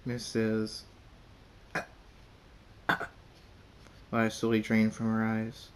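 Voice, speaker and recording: Halting man reading his fan fiction. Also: lowish voice, completely flat delivery, smooth. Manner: halting, repeats words. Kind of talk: amateur first-person story reading.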